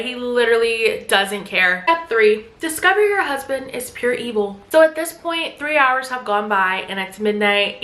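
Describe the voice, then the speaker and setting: A woman's voice: medium pitch, sharp tone, roomy sound. A woman giving a chatty, casual book recap full of filler words. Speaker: book vlogger.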